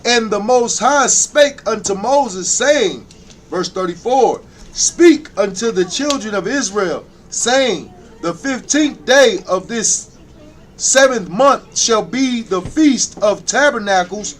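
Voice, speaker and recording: A man reading scripture aloud in a slow, loud, deliberate recitation during a religious class. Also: sits high, expressive, a little hiss or hum. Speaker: scripture reader.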